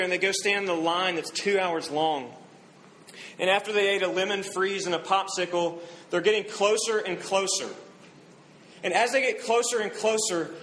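A man preaching a sermon, telling a story and quoting its people in a softer voice. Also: high voice, slight background noise, rough recording. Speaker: pastor.

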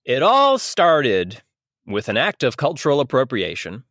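A man's voice: medium pitch, wildly swooping pitch, measured pace, fairly bright tone, dry recording, clean studio sound. A man co-hosting a casual comedy podcast who jokes, laughs often and rambles. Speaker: podcast co-host.

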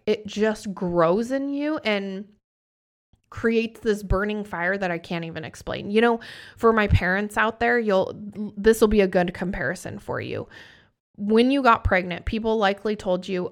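A woman in her thirties, a host and coach, talking candidly and emphatically in a motivational chat, swearing freely. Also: medium pitch. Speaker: podcast host and business coach. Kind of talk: motivational casual talk.

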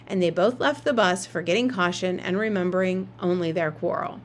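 A woman narrating a children's novel in a steady, expressive reading voice. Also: lowish voice, a little fast. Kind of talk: storybook read-aloud.

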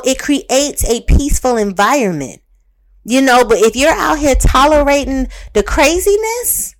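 A woman, giving a candid motivational monologue in a profane, emphatic, repetitive, fired-up way. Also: sits high. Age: 30s. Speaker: self-help speaker.

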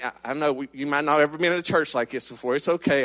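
A man preaching an energetic sermon, calling out to the congregation for amens, joking and shouting. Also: fairly high pitch, rapid-fire, hardly any pauses. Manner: call-and-response, shouting and joking. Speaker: lay preacher.

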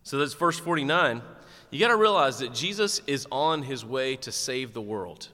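Bright-voiced man preaching in a church. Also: medium pitch, normal speed, in a large hall. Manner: animated, conversational preaching with humor. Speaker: pastor. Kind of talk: sermon.

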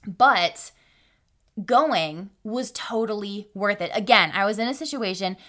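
A young woman talks straight to her listeners on a solo podcast, loose and chatty. She piles up fillers and keeps checking in with a quick "right?" as she talks. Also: medium pitch, lively intonation, fairly bright tone. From Arkansas, USA. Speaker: podcast host. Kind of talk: casual solo podcast monologue.

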